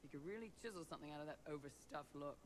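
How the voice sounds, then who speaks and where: A wry young mercenary lieutenant, voiced by a man teases in a quick, fairly high voice. The game audio carries a long reverb with a faint hiss behind it. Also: lively intonation, lightly acted. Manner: teasing, sardonic. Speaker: video game character.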